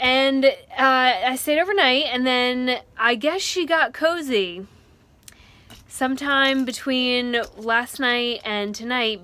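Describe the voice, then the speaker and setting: Brief: young woman vlogger, rattled and swearing, bright voice, outdoors at night by a beach. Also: fairly high pitch. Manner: frazzled, emotional, swearing, laughing nervously. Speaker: van life vlogger. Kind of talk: casual vlog.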